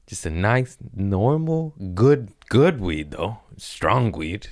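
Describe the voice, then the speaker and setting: A man's voice: lowish voice, big pitch swings, slow, hardly any pauses, dry recording, clean studio sound. A young man hosting a podcast in a podcast room, chatting casually in a rambling, profane, joking way. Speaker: podcast host. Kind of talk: casual comedic podcast chat.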